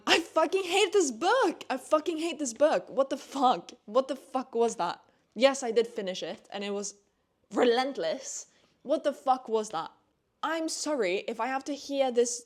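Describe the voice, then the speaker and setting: Chatty young woman reviewing books. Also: mid-range voice. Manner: chatty, heavy use of "like", swears when annoyed; animated, rising into ranting bursts. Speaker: book vlogger. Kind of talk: casual book review vlog.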